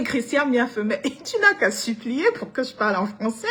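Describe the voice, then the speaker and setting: A woman's voice: fairly high pitch, very animated, moderate pace, hardly any pauses, sharp tone. A young woman with a Cameroonian accent hosting a casual live-stream talk show. She greets commenters by name and moves easily between English and French, laughing often.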